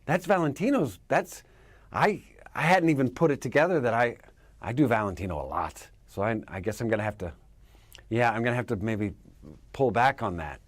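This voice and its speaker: A man, an actor, answering interview questions in an animated way, laughing often and dropping into character voices. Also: on the low side, fairly quick, no echo.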